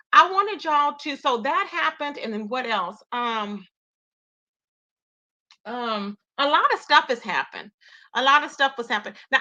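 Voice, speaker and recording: Woman host, live gossip stream, bright and somewhat high, lively and slangy. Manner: animated, chatty, slangy, reading chat names aloud. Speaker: YouTube commentary host.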